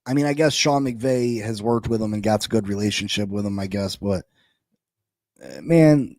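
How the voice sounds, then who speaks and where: A man rants on a sports podcast and repeats his points in disbelief. His voice is dark and mellow. The sound is dry, with no room echo, and he keeps up a heated, incredulous edge. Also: fairly low pitch, moderate pace. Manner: animated, incredulous, repeats lines for emphasis.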